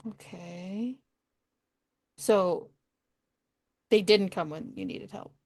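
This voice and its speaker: A woman playing a tabletop game, asking gentle, probing questions in character. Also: mid-range voice, drawn-out words, no echo, clean studio sound. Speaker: player.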